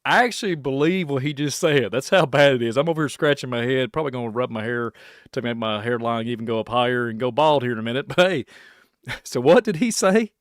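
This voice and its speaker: A man's voice: mid-range voice, expressive, fast talker, no room sound, studio quality. A man hosting a one-man reaction podcast, rambling in a folksy way and laughing often. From Kentucky. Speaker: podcast host. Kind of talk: reaction podcast, casual chat.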